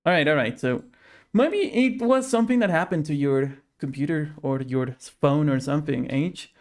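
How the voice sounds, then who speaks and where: Streaming his gameplay, a man keeps up casual live commentary, bantering and playfully bargaining with the game's characters. His voice sits on the high side, and he talks at a normal speed.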